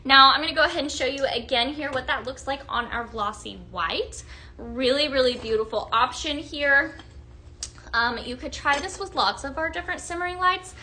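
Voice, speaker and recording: Upbeat young woman presenter, high bright voice, live product demo, faint noise behind. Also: moderate pace. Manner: upbeat, gushing, chatty with viewers. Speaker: home fragrance product presenter. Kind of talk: live sales demonstration.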